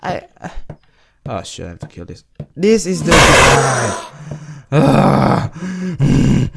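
Young guy rambling thru a game, jumpy lively voice, hissy clicky mic. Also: mid-range voice, takes it slowly, vocal fry. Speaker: gaming commentator. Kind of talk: let's play commentary.

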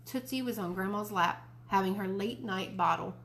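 A woman reading a children's chapter book aloud for listeners, her voice expressive and easy. She moves smoothly between narration and character voices. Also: medium pitch, moderate pace. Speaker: library storyteller.

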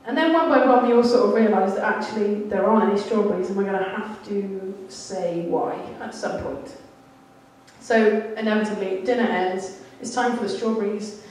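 A woman's voice: mid-range voice, normal speed, a little mellow. A woman giving a sermon, telling a candid, self-deprecating story about her childhood. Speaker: church speaker. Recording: echoey hall, mic at a distance.

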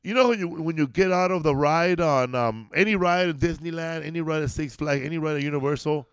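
A man with a smooth, higher-pitched voice talks fairly quickly on a dry, studio-quality recording. He's a comedian co-hosting a podcast, wandering through loose, casual stories and peppering his chat with "bro" and "dog."

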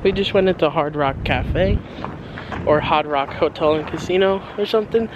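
A young man vlogs casually outdoors at a seaside hotel and beach, sounding laid-back and jokey and often breaking into laughter. His voice is fairly high and his pace normal, though the recording is lo-fi with a noisy background.

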